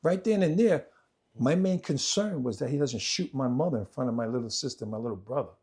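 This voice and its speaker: Speaking fairly quickly, a podcast guest shares his personal history in conversation. He shifts from loud and animated to quiet and low, keeps repeating himself, and brings family members to life by performing their voices.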